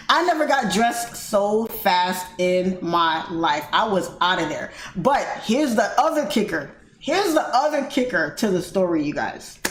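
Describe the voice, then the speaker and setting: An American woman hosting a livestream, casually telling a story to her viewers in an animated way, laughing often and calling them guys. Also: mid-range voice. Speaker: livestream host. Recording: echoey room with faint noise.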